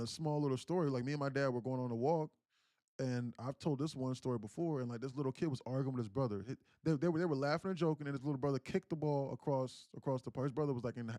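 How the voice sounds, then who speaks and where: Slangy, dry-voiced young livestream host. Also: male voice, mid-range voice, no room sound. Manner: emotional storyteller, acts out quoted pleas loudly; casual slangy speech with frequent fillers. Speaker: day trading livestream host. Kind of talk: casual livestream storytelling.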